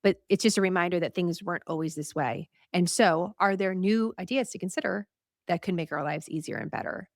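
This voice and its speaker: A woman hosting a news show, talking casually to a live audience in a chatty, animated way, laughing and asking viewers what they think. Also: on the low side, fairly quick, no echo, studio quality.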